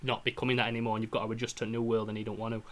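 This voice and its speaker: A man's voice: on the low side, little pitch movement, racing, a bit bright. A young man, retelling a game plot in casual podcast chat, swearing often and mimicking gunfire. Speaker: podcast host.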